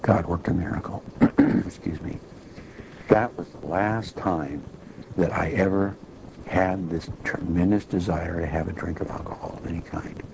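A man's voice: deep voice, fairly even intonation, normal speed, creaky, darkish tone, a little hiss or hum, poor audio. A man giving an earnest personal testimony in a sermon, telling his story plainly.

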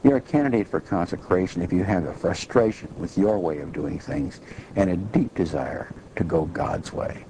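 Male preacher, deep and gravelly, earnest testimony. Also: moderate pace, dark tone, a little hiss or hum, low-quality recording. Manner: earnest, plain storytelling. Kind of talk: personal testimony sermon.

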